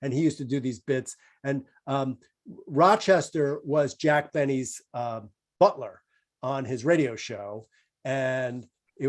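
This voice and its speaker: A man's voice: mid-range voice, unhurried. A male comedian on a video call, chatting casually in a rambling, self-amused way with lots of fillers. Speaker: comedian guest. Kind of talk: casual chat.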